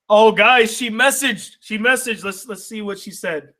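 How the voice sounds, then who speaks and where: A man's voice: high-pitched, a little slow, few pauses, sharp tone. A man hosting a casual vlog, reading fan mail aloud and chuckling often, at times getting emotional. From United States. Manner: laughs often, chuckling through his reading; emotional, says he is tearing up.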